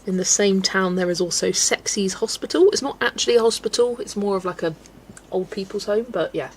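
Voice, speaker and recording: A woman's voice: medium pitch, fairly quick, a little hiss or hum. A young English woman hosting a colouring livestream, chatting casually and telling stories with frequent giggles. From England. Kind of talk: casual chat while colouring, reading chat.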